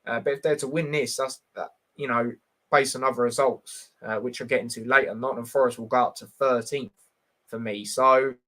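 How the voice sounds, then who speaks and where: A man's voice: mid-range voice, fairly even intonation, fairly quick, sharp tone. A man hosting a casual football prediction live stream, talking bluntly and reading out chat, with lots of fillers. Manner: chatty and blunt, full of fillers, answering chat directly.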